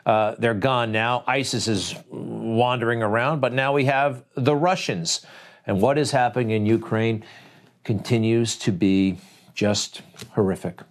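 A man's voice: mid-range voice, steady tone, unhurried. A man hosting opinion commentary, emphatic and scornful, firing off rhetorical questions. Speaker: commentary host.

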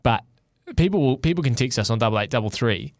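A New man co-hosting sports radio with animated, scheming banter. His voice sits at a middling pitch. It is recorded close and dry in the studio. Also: fast talker, dry recording. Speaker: radio co-host. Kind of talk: casual sports talk radio chat.

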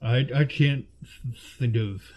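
A man's voice: mid-range voice, slow pace, darkish tone. Chatty man rating movies with a friend. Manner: chatty, laughs often, searches for names aloud. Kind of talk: casual chat.

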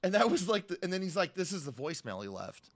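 Rambling young man, slightly high voice. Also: big pitch swings, quick pace, no room sound, studio quality. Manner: rambling, acts out quotes with raised voice. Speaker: podcast co-host. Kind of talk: casual chat recapping a movie.

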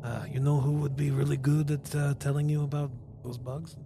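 A man's voice: on the high side, level tone, fairly quick, warm tone, a little hiss or hum, voice pushed up, close to an everyday voice. A man playing a nosy old man with a put-on foreign accent who rambles and forgets himself mid-sentence. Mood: mysterious. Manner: rambling, forgetful, full of hesitations.

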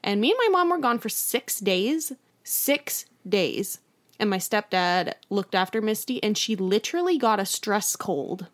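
Young woman, casual podcast chat, lively storyteller, acts out quoted voices, everyday conversational tone. She leans into her stories, mimicking family members with playful pitch jumps. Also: measured pace. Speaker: podcast co-host.

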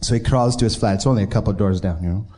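A man's voice: on the low side, fast, dark tone. A man from New York State, an improv theater owner called up from the audience, telling a story joke on stage with flustered tangents. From New York State, USA.

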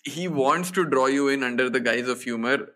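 A man's voice: mid-range voice, normal speed, sharp tone. A man co-hosting a podcast, giving frank, blunt opinions in a casual chat about films. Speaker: podcast co-host.

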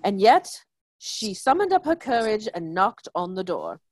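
Giggly woman reading a goofy story on her phone, slow and swoopy, dry sound. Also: mid-range voice, sing-song, no echo. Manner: giggly, breaks into laughter while reading. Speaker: story reader and co-host. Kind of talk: casual reading of a comic story.

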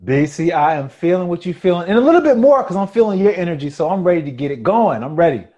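A man co-hosting a podcast in a relaxed, easygoing chat, laughing often. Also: high voice, quick pace, highs cut off. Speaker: podcast co-host.

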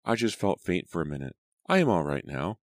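Guy putting on a polite young lady voice, higher than his usual deep voice. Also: big pitch swings, brisk, no room sound, clean studio sound. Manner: raised pitch, light. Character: young woman, kind and polite.

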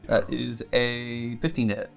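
A man's voice: mid-range voice, monotone, measured pace, creaky, faint music behind. A man playing a tabletop game in a casual, easygoing way, often breaking into laughs. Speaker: player.

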